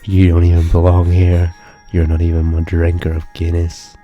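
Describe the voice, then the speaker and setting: A man voicing a brewery tour guide who yells insults slowly and loudly. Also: deep voice, steady tone, dull audio, faint music behind. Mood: scornful yelling. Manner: yelling insults, slow and loud. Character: abusive shouting male brewery tour guide.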